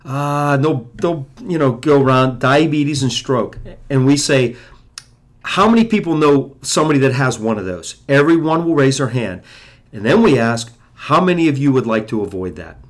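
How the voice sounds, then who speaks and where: A man's voice: medium pitch, expressive, normal speed. A man coaching chiropractors on running a weight loss workshop, emphatically acting out exchanges with the audience. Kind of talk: teaching a seminar.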